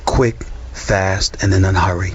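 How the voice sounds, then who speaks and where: A man's voice: deep voice, fairly even intonation, a little slow, a loud crowd. A man giving heated sports commentary in an exasperated, disgusted rant, on slightly muffled broadcast audio.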